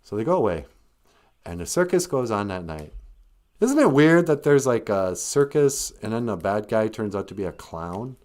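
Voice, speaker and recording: A man's voice: fairly low pitch, very animated, moderate pace, a little mellow. A man retelling a story in a casual, comic way, rambling with jokey asides and self-corrections. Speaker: host, storyteller.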